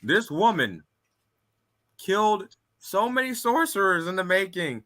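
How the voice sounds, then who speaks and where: Animated ranting man. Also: high-pitched, measured pace. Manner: animated ranting, emphatic repetition. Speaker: podcast co-host. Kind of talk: heated casual movie chat.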